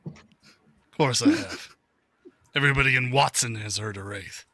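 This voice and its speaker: A man's voice: mid-range voice, lively intonation, moderate pace, sharp tone, no room sound. A man voicing a blunt, hostile male gang guard who swears freely in a tabletop game.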